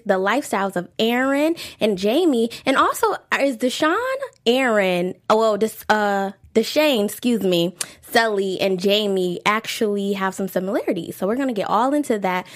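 A woman hosting a casual TV recap chat, bubbly and quick to laugh. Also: mid-range voice, expressive. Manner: bubbly, laughs often, restarts and fillers. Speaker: host.

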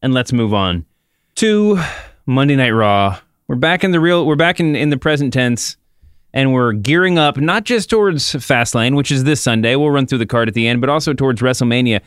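A man's voice: mid-range voice, animated, normal speed, a bit bright, clear, resonant tone, dry recording, clean studio sound. A man hosting a wrestling podcast in casual chat, rambling and restarting his sentences. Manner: rambling, self-interrupting. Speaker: podcast host.

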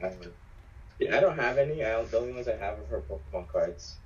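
A teenage boy with a raspy, lowish voice, talking in a hesitant, casual way as a guest on a friend's podcast. The recording is dull and lo-fi, with the top end muffled. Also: expressive, quick pace. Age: teens. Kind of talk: casual chat and reading aloud.

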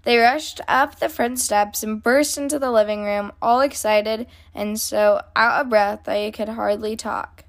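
A woman hosting a kids' story channel, reading a children's picture book aloud in a gentle, clear storytelling manner. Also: a little high, fairly even intonation, unhurried, few pauses. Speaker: host, storybook reader.

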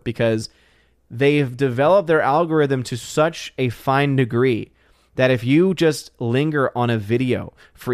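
A man's voice: medium pitch, a little mellow, no echo, clean studio sound. Chatty man hosting a livestream. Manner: rambling, halting restarts, chatty. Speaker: livestream host. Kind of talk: casual chat, reading live comments.

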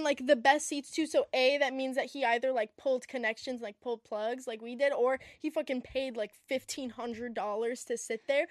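A woman's voice: high-pitched, steady tone, moderate pace, hardly any pauses, dry recording, studio quality. A young woman co-hosting a podcast, chatting in a playful, gushing way with many fillers. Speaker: podcast co-host. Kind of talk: casual chat.

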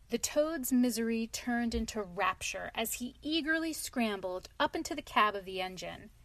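A woman narrating a storybook aloud in an expressive, even storytelling manner. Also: fairly high pitch, no echo. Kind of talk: storybook reading.

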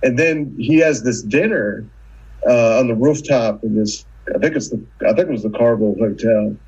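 Husky-voiced man, guest historian. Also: mid-range voice, moderate pace, darkish tone, muffled recording. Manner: loose, conversational retelling with restarts. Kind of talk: casual interview chat.

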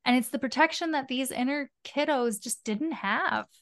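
With a voice that sits high and a moderate pace, a woman podcast guest who is a spiritual mentor talks casually and expressively in a conversational interview. She swears now and then and performs her inner voices.

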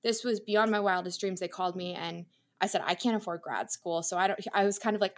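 A young woman sits down as a podcast guest and talks through her story in a loose, conversational way. Her voice sits at an ordinary middle pitch. She is candid and chatty, laughing easily as she goes. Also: fast. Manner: chatty and candid, laughs often, lots of fillers. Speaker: interior designer and content creator, podcast guest. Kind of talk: casual interview storytelling.

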